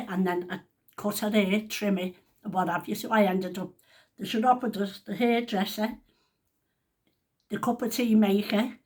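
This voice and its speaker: A woman chatting animatedly in a casual, colloquial storytelling style. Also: medium pitch.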